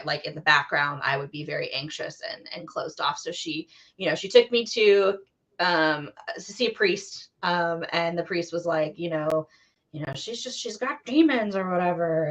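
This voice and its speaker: A woman tells a long personal story in a relaxed, chatty way, full of fillers and restarts. Her voice sits a little low. The audio is dull and lo-fi. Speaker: guest, teacher. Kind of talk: casual storytelling chat.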